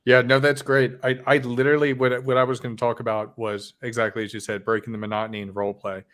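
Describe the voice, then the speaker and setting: A man's voice: mid-range voice, flat delivery, fast, a bit bright. A man as a podcast guest, telling a story casually with fillers.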